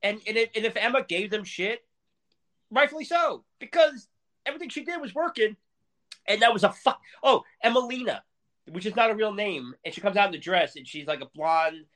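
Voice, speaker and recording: A man's voice: high voice, expressive, fairly quick, a bit bright. A man co-hosting a podcast, ranting angrily in casual, profanity-heavy talk. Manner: angry, heated, profanity-laced ranting. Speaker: podcast co-host.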